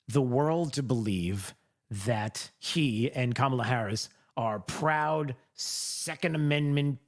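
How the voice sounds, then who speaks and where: A man hosts a political commentary show in a sarcastic, mocking tone. His voice is animated and swings widely in pitch as he talks into the mic.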